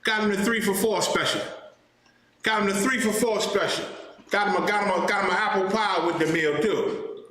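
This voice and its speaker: A man with a high, bright voice gives fiery commentary and hammers his points again and again. He sounds indignant and emphatic. The recording rings in a very echoey room over a faint hiss. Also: moderate pace. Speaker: host and teacher. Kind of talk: heated commentary.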